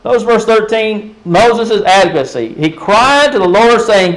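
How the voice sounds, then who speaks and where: A man's voice: high-pitched, expressive, measured pace, low-quality recording. A man preaching a sermon in a conversational way, often turning to the congregation with rhetorical questions. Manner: frequent restarts and fillers.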